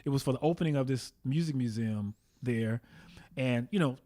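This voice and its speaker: A man from the Bay Area, a guest drummer, telling animated anecdotes and mimicking the people he quotes. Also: medium pitch, normal speed. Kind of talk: casual interview storytelling.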